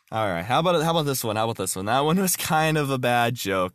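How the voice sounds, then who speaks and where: A man's voice: mid-range voice, sing-song, quick pace, hardly any pauses, dry recording, clean studio sound. A man hosting his own podcast, talking earnestly and plainly and telling jokes. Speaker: podcast host. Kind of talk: casual podcast monologue.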